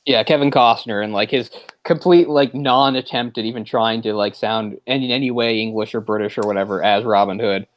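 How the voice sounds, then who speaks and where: A man's voice: fairly low pitch, fairly even intonation, fairly quick, dry recording. A man co-hosting a casual movie discussion podcast, rambling, searching for words and laughing often. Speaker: podcast co-host.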